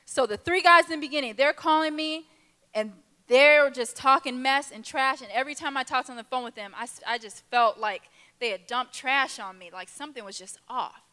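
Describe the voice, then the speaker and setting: Bright high-voiced woman telling her story. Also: moderate pace, smooth. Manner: lively storytelling, acts out quoted people. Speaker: conference speaker. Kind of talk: testimony talk to a youth audience. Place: large conference hall. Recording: reverberant hall.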